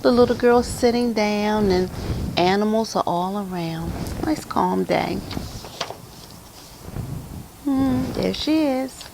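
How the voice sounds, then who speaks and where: A woman's voice: medium pitch, measured pace, vocal fry, background noise. A woman librarian reading picture books aloud at a children's storytime, with gasps, laughs and animal sounds.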